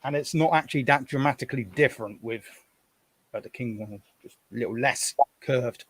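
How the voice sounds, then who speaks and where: A man's voice: medium pitch, fairly quick, breathy edge. A man talks on a live stream from home. He rambles in a chatty way and thinks aloud as he goes through his things. His mid-range voice sounds dry and close, with no room echo. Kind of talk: casual live-stream chat.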